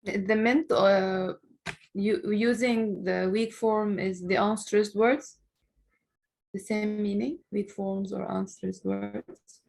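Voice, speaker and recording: A woman in a grammar class asks questions, restarting as she gathers her thoughts. Her voice has a strong creaky fry at a middle pitch. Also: steady tone, takes it slowly, darkish tone. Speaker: student teacher in class.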